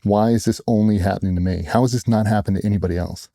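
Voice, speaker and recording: A middle-aged man from the United States speaks bluntly and earnestly as an interview guest. His voice is low and very dark and mellow, recorded close and dry with no room sound. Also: fairly even intonation, fast talker, gravelly, no room sound. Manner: earnest, blunt, quotes others in raised voices. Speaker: interview guest, former special operations operator. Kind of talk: candid conversational storytelling.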